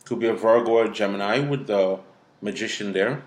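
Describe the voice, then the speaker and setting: A man's voice: on the low side, moderate pace. A man from Africa giving a casual tarot reading to camera, blunt and profane as he scolds the viewer. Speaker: tarot reader. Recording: echoey room.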